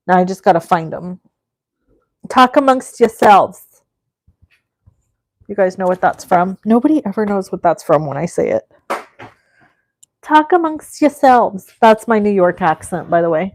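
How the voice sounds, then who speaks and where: A woman's voice: on the low side, darkish tone. A middle-aged woman hosting a live crafting stream, chatting with viewers in a gushing, effusive way as she works. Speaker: crafting livestream host.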